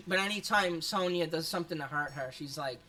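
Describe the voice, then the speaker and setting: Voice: mid-range voice, brisk, heavy background noise. A streamer chatting casually over a game, rambling, swearing often, laughing a lot and self-conscious about their voice. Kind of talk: casual gaming stream commentary.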